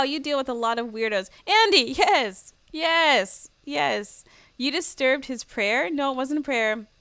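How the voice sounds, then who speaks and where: A woman's voice: on the high side, a bit bright, no echo. A young woman from the United States chatting casually on her livestream, laughing often and acting out the lines of people she quotes. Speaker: livestream host.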